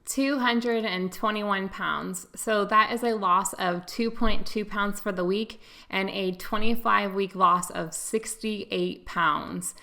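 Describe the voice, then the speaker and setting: Bright-voiced woman vlogging earnestly. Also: medium pitch, fairly even intonation, slow, vocal fry, hardly any pauses. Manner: earnest, emotional, heartfelt. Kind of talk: casual to-camera update.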